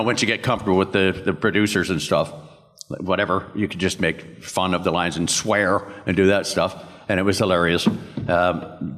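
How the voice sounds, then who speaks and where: A man's voice: low voice, fairly bright tone. An older man, a voice actor at a convention panel, telling rambling anecdotes and acting out other people's lines. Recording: long echo of a convention hall.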